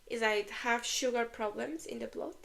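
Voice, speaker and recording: A woman with a fairly high voice reads an online story aloud as a podcast co-host. She often stops partway through to laugh and explain words to her listener in a relaxed back-and-forth. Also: moderate pace, creaky. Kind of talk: reading and discussing online stories.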